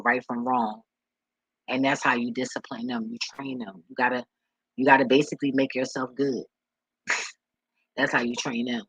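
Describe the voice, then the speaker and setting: A man's voice: mid-range voice, fairly bright tone, slightly rough, dry recording, dull audio. A man talking casually in a vlog, rambling and profane as he tells stories and laughs along the way. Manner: loose, profane, laughing storyteller. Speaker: vlogger and delivery driver.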